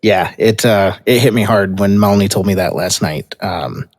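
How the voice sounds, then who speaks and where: A man hosting a casual podcast, stopping and restarting his sentences often and filling gaps with "uh". His voice sits at an ordinary pitch. A long reverb hangs on every word. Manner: halting, with many fillers and restarts. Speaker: podcast host. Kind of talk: casual chat.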